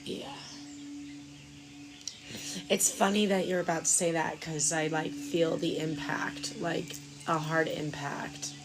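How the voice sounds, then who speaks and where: A woman chatting casually to viewers on an outdoor live stream, calling them darling, with gentle guided breathing. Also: sits low, flat delivery, slow, long pauses, background noise. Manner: affectionate, calls viewers darling and lovelies. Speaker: livestream Reiki practitioner. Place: outdoors at sunrise. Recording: music playing in the background.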